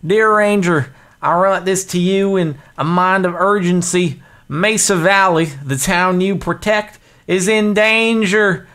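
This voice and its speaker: Man voicing solemn railroad agent's letter, slow and theatrical. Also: high-pitched, fairly bright tone, clean tone, pitched above the performer's own voice. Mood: grave, urgent. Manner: slow, dramatic, letter-reading voice. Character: earnest man reading an urgent railroad letter.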